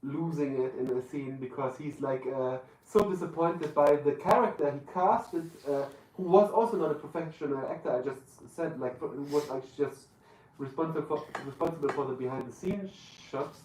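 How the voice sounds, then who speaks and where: Recorded at a roomy live venue with a distant mic and faint room noise, this guest on a live podcast has a German accent and gropes for words as he talks. His voice is on the high side with a darkish tone, at normal speed.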